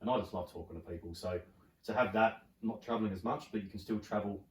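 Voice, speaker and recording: A middle-aged Australian man tells stories on a podcast at a quick clip, in a fairly low voice. He is animated and swears freely as he chats. The sound is roomy and a little distant from the mic. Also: a little hiss or hum. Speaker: podcast guest. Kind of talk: casual storytelling chat.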